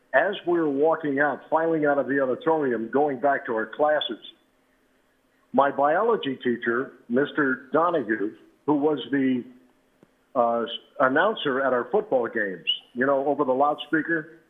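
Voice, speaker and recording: A man in his seventies, a veteran radio announcer, relaxed and anecdotal as he tells stories as an interview guest. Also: medium pitch. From New Britain, Connecticut. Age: 70s. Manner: relaxed and anecdotal, with frequent "uh" and "you know". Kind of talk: reminiscing storytelling. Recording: tinny phone line.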